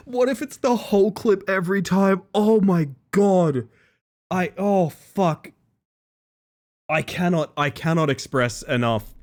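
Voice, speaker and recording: A male game streamer talking casually to his live chat, excitable and quick to dissolve into laughter. His pitch leaps up and drops down all the time, from squeaky high bursts to low mutters, and he sits at an ordinary middle pitch for a man. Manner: excitable, breaks into laughter, chats to viewers.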